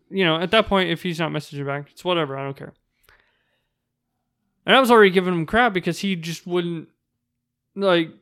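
Bright high-voiced man telling a story. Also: clear, resonant tone. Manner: animated, acts out quotes in raised voice. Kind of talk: casual storytelling chat.

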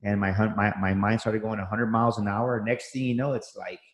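A man's voice: fairly low pitch, flat delivery, fairly quick. A middle-aged man from Texas, a motivational coach, talking enthusiastically as an interview guest, often repeating words as he starts. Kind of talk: energetic interview talk. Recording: roomy echo.

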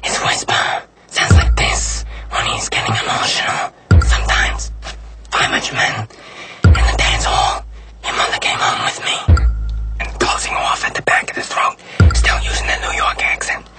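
Man, lively demonstrative delivery, talking through a loud hip hop beat. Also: moderate pace, in a whisper, over loud music. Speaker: impressionist explaining a voice. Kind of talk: tutorial over music.

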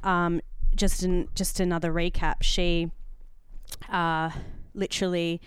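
A woman's voice: fairly low pitch, takes it slowly, clear, resonant tone, no echo, studio quality. A young Australian woman co-hosting a podcast, chatting casually and telling stories full of "like" and "um". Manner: chatty, animated storytelling with acted-out quotes; frequent "like" and "um" fillers. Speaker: podcast co-host. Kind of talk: casual chat.

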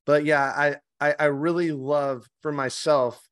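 A man's voice: fairly high pitch, steady tone, a little slow. A man guesting on a podcast as a meditation guide, chatting casually, swearing freely and restarting his sentences often. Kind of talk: casual interview chat.

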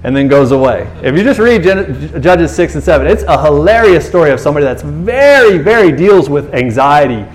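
Animated, conversational male preacher. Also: fairly high pitch, fairly quick, hardly any pauses. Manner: animated, conversational, acts out characters. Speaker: pastor. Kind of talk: sermon.

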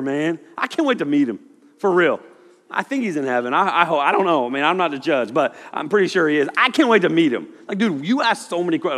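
Animated, chatty male preacher in a hall. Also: on the high side, fast. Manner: animated, conversational, acts out voices. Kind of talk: sermon. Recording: echoey hall reverb.

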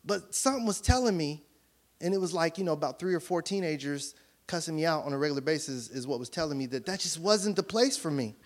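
High-voiced pastor telling a lively story. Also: male voice, fast. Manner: animated storytelling, acting out both sides of conversations; laughs often while talking. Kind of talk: sermon.

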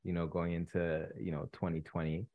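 Deep gravelly young man, relaxed. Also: normal speed, phone-quality sound. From Canada. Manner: relaxed, many ums, laughs easily. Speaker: podcast guest, real estate investor. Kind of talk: casual interview chat.

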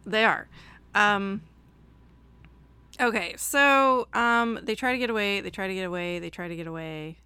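A middle-aged woman co-hosting a podcast in a chatty, animated way, quick to joke. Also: medium pitch, smooth, no echo. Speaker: podcast co-host. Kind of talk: casual chat.

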